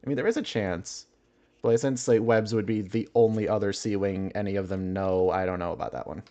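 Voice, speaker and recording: Low-voiced man chatting on a livestream. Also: a little fast, dark tone. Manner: musing aloud, chuckling often. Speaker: livestreamer reading chat. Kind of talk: casual livestream chat.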